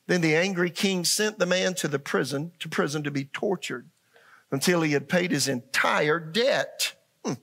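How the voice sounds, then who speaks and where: A middle-aged pastor preaching a sermon, animated, acting out voices and asking the congregation questions. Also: male voice, on the high side, normal speed, creaky.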